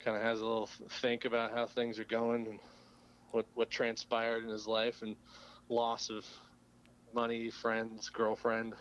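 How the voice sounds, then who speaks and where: A man's voice: mid-range voice, monotone, a little slow, fairly bright tone, lo-fi sound, slight background noise. A man co-hosting a casual movie podcast, enthusiastic and rambling. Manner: enthusiastic, rambling, many fillers and swearing. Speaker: podcast co-host.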